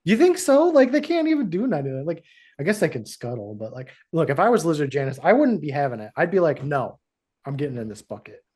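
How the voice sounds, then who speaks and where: A man hosting a podcast, retelling an episode in a casual, animated way and acting out the characters' lines in quick little voices. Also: a little high. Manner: animated storyteller who acts out character lines. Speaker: podcast host. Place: studio.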